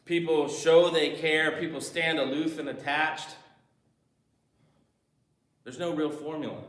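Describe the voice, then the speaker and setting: A man's voice: fairly high pitch, steady tone, takes it slowly, fairly bright tone. A male pastor preaching a sermon in a church, telling stories and acting out movie scenes as he goes. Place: church sanctuary. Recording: echoey church room.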